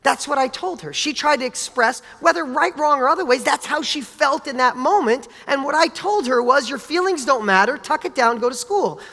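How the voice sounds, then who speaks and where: Bright, forceful male speaker giving a motivational talk, animated and blunt in his storytelling. His voice rings with a long reverb, as in a large hall. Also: very high voice, moderate pace, few pauses. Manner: animated, casual, blunt, with mild swearing. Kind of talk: motivational talk with personal stories.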